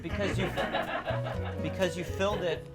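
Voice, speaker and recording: A man hosts a comedy talk show with quick banter and big showman introductions. His voice sits fairly high. Music plays clearly behind him. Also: steady tone.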